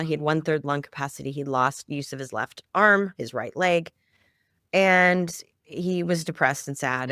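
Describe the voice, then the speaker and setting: A middle-aged woman talks as a podcast guest, her storytelling heartfelt and emotional. Her voice has a gravelly texture. The sound is dry and close. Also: deep voice, a bit bright, no room sound. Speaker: podcast guest, children's media founder. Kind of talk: interview storytelling.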